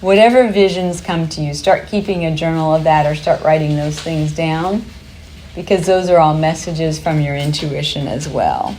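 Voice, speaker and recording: A woman's voice: low voice, moderate pace, a little mellow, a little hiss or hum. A woman presenting a workshop to a live group, talking in a chatty, upbeat way and laughing easily.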